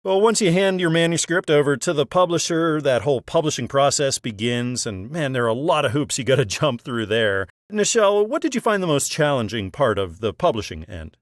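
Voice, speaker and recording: A man's voice: mid-range voice, expressive, brisk, hardly any pauses, no echo, studio quality. A man hosting an author interview, encouraging and friendly, laughing along with his guest. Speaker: podcast host.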